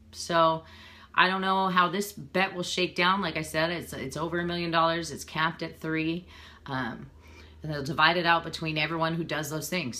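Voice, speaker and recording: Bright-voiced woman coach, earnest live-stream pitch. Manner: earnest, persuasive, chatty, gets emotional. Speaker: fitness coach. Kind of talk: casual live-stream talk to viewers. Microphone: phone or webcam, live video.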